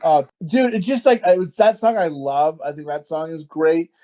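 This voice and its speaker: A man co-hosting a casual podcast chat, crude, rambling and excitable, often talking over others. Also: on the high side, normal speed. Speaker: podcast co-host.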